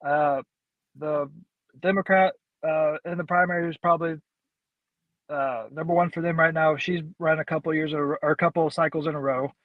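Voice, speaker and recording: A man from Missouri, a congressional candidate being interviewed, answering in a halting way with many pauses and restarts. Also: a little high, steady tone, no echo, phone-quality sound.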